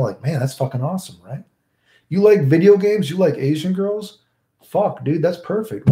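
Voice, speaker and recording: A livestreamer from the United States with a Southern American accent chats casually with live viewers, rambling, swearing freely, and ending lines with "right?". His voice is medium-pitched and warm, in an echoey room.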